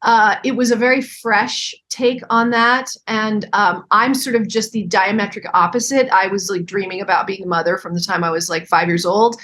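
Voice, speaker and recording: A woman being interviewed on a podcast, thinking aloud as she talks. Her pitch sits in the middle range, and she pauses and restarts her sentences often as she works out her thoughts. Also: steady tone, fairly bright tone. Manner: reflective, halting with fillers and restarts. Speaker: guest actress. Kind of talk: casual interview chat.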